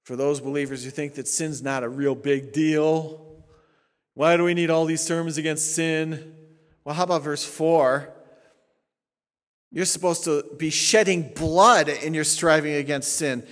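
A middle-aged man, a pastor, preaching a sermon emphatically, swinging between hushed and loud, sounding tired. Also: a little high, fairly even intonation, unhurried. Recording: long hall reverb.

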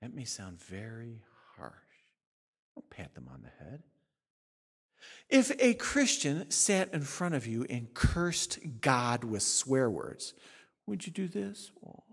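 A male pastor preaching a sermon, swinging from loud, fiery emphasis to hushed, low asides. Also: huge pitch swings, slow pace, creaky, husky, big-room sound.

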